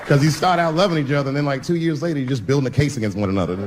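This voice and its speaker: A male stand-up comedian telling a story on stage, switching between loud punchlines and mumbled asides. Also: on the high side, racing. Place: theater stage before a laughing audience. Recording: live show with audible room noise.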